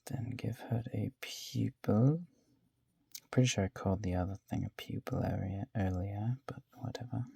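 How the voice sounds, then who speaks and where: Brief: male drawing vlogger with a warm, low-key voice and a dry, close sound, half-muttering and whispering as he works. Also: steady tone, normal speed, gravelly, slightly rough, no echo. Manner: mumbling to himself, often dropping to a whisper; self-deprecating, swears casually. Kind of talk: casual narration while sketching.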